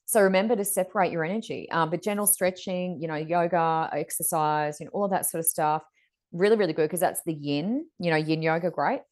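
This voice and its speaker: A woman's voice: lowish voice, a little fast, darkish tone. A woman, chatting casually about spiritual wellness on a podcast, full of fillers and "you know". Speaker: podcast co-host, psychic reader.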